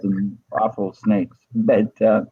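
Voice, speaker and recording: A male host interviewing a guest over a video call, speaking in a relaxed, curious, musing way. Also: on the low side, slow pace, slightly rough. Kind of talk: interview conversation. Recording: tinny phone-like call audio.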